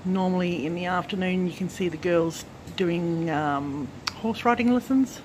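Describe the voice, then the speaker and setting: A woman vlogger from a craft channel speaks a little slowly in a lowish voice, with noise in the background. Holding her phone, she rambles chattily through her farm lodge unit and its back porch, stopping to correct herself as she goes.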